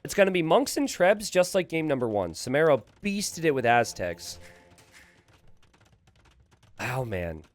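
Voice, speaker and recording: A man casting a live strategy game, thinking aloud with animated asides to his viewers. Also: fairly high pitch, a little slow, pauses often. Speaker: game caster.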